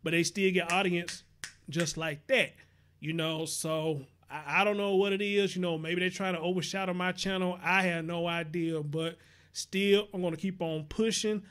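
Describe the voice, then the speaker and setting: A young man hosting a casual livestream, chatty and earnest, reading viewer comments and giving shout-outs. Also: sits high, steady tone, normal speed. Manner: earnest preaching tone on serious topics. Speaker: livestream show host.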